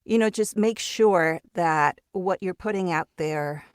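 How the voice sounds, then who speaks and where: Raised in Mexico with Spanish as her first language, this woman chats casually as a guest voice actor in an interview, often restarting and repeating words. Her voice is fairly low, unhurried, clear and resonant. The recording is clean studio sound without room tone.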